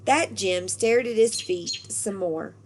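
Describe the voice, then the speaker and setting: A woman reading a children's storybook aloud, lively and expressive. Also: mid-range voice, slow, slight background noise.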